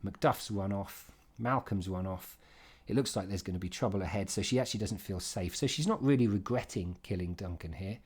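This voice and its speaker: A man giving an informal, emphatic revision lesson on a play, with quick asides and restarts. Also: low voice, a little mellow, breathy edge. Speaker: English literature teacher.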